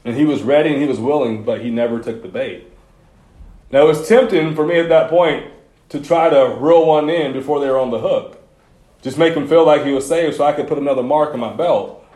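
This man's voice sits on the high side, a little fast and mellow. He's a youth pastor giving a sermon to young people in an echoey room, keeping it relaxed with personal anecdotes and slang tossed in.

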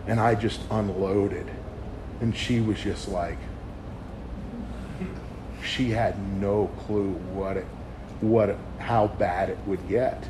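Guy in his 40s preaching his own story to teens, halting and rambly, kinda noisy recording. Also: on the low side. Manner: candid and rambling, with halting restarts. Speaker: youth speaker. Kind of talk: personal testimony sermon. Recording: steady background noise.

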